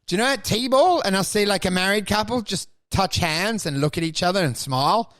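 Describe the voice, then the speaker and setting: A man co-hosting a podcast who tells absurd comic stories in an animated, sweary way, jumping into acted voices. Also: sits high, brisk. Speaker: podcast co-host.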